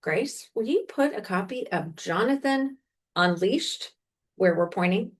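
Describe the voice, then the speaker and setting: A woman's voice: medium pitch, animated, unhurried. A woman from Washington, D.C., co-hosting a podcast, chatting casually about books in a rambling way with frequent self-corrections. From Washington, D.C., United States. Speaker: podcast co-host recommending books. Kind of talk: casual chat.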